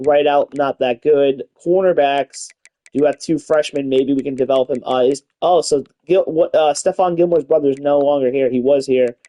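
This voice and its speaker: A man streaming a college football game, chatting casually and reading out stats, with sudden excited mock-announcer outbursts and swearing. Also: mid-range voice, moderate pace. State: tired, yawning. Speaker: gaming streamer. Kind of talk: casual live game commentary.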